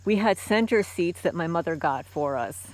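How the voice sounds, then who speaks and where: A woman's voice: lowish voice, lively intonation, moderate pace, a little mellow. A middle-aged woman from the United States, hosting her own channel, tells a personal story in a loose, conversational way, full of fillers and restarts. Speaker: homesteading channel host.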